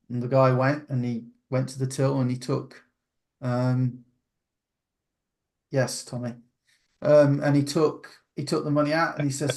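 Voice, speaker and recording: A man's voice: mid-range voice, little pitch movement, normal speed. A man hosting a video call, chatting casually and rambling with many restarts. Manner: rambling, restarts often, laughs easily. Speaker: meeting host.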